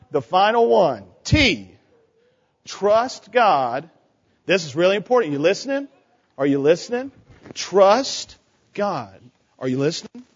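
A man with a high-pitched, husky voice asks the children questions to draw them in during a children's sermon. It takes place in a church sanctuary, and the audio is lo-fi and dull, with church hall reverb.

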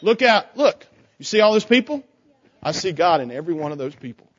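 A man's voice: high-pitched, very animated, a little fast, husky. A man leading a children's sermon in a church, coaxing the kids with questions. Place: church sanctuary. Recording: church hall reverb, dull lo-fi sound.

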